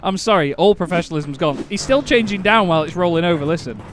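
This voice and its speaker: A man with a Northern English accent doing excitable, jokey live sim racing commentary, quick to laugh and exclaim. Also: sits high, soft background music.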